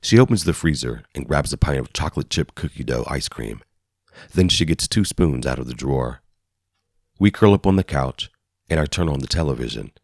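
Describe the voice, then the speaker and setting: A man narrating an audiobook in the first person, in an even, measured storytelling manner. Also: a bass voice, dry recording. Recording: dry studio voice-over.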